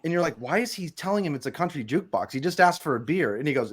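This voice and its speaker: A man's voice: on the high side, lively intonation, fast talker, slightly rough. A man talking as a guest screenwriter in a casual film discussion, rambling and emphatic, swearing freely.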